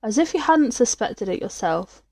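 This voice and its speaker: A woman's voice: a little high, big pitch swings, normal speed, a little mellow, dry recording. Macfarlane, a woman reading as a sneering young doctor. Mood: coolly persuasive. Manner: cool, sneering. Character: scheming cynical young male doctor.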